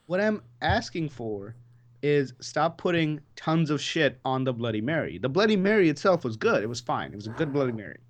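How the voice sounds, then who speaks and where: Man ranting profanely, lively pitch. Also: brisk. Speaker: podcast co-host. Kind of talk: casual comedic rant.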